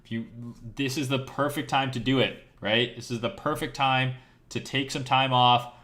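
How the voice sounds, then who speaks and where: A man with a worn, hoarse voice, a crypto trading streamer talking to his viewers in a blunt, casual live-stream rant, swearing freely and often tagging "right?" onto what he says. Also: mid-range voice, steady tone, moderate pace, sharp tone. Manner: blunt, profane, repeats "right?". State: losing his voice.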